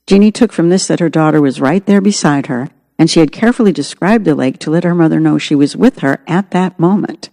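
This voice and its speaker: A woman's voice: low-pitched, brisk, few pauses, dark tone, in a large hall. A woman narrating her own memoir as an audiobook, in an earnest, reflective way.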